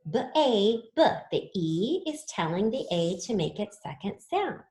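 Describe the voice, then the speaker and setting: A woman's voice: medium pitch, big pitch swings, takes it slowly, darkish tone, echoey room. A woman teaching a spelling lesson to children, patiently sounding words out letter by letter.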